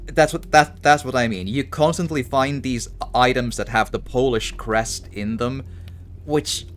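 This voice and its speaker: A man's voice: medium pitch, measured pace, a bit bright, slight background noise. A man commenting casually while playing a game, rambling and stammering through a rant. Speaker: gaming streamer. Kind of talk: casual let's-play commentary.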